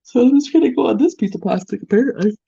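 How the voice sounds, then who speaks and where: A woman's voice: fairly high pitch, fast talker, gravelly, mellow, slightly rough, dry recording. A sleepy woman chatting casually with live viewers while doing her makeup, teasing them playfully and yawning often. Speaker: livestream host doing makeup. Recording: dull, lo-fi and dry.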